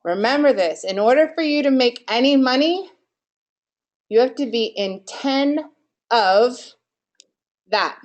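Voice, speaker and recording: A woman's voice: high voice, expressive, a little slow, long pauses. A woman giving a live marketing workshop in a room with an audience, quizzing listeners and asking them for answers as she goes. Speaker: marketing presenter.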